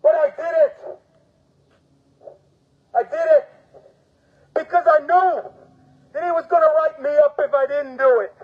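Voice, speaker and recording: Union steward, male, very high voice, preachy fiery rant with shouting, lo-fi phone-like sound. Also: fairly even intonation, a little slow, long pauses. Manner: fiery and preaching, repeats phrases, often shouts. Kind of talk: impassioned protest speech. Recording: tinny phone-like audio.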